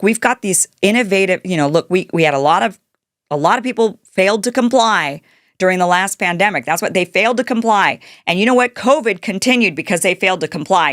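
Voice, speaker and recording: Sarcastic woman host, low dry voice. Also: a bit bright, no echo. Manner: sarcastic, mocking quoted voices. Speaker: show host. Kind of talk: political commentary monologue.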